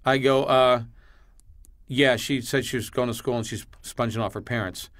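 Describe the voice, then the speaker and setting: A male comedian guesting on a podcast, telling a story with blunt, animated delivery, acting out both sides of the dialogue and swearing freely. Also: mid-range voice, moderate pace.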